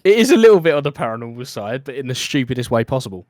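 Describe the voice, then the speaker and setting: British male podcast host, animated delivery, frequent laughter, dry close sound. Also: medium pitch, very fast, dry recording. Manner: lively storyteller, laughs often. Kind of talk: casual comedy podcast chat.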